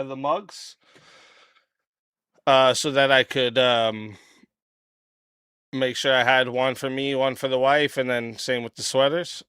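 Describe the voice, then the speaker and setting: A man hosting his channel, telling a story in a blunt, profane, casual way and clearing his throat often. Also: mid-range voice, fairly bright tone, dry recording, clean studio sound. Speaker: channel host.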